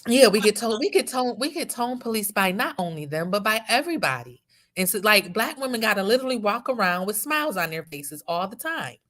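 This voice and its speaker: A woman's voice: medium pitch, very animated, brisk, a bit bright. A woman co-hosting a casual talk show, speaking passionately and emphatically. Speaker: podcast co-host. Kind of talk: casual chat.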